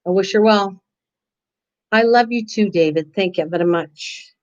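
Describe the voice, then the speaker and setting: A woman's voice: medium pitch, a little slow, a little mellow. An older woman hosting a casual live stream, rambling chattily and answering viewers' comments by name. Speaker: live-stream craft host. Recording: dull lo-fi stream audio.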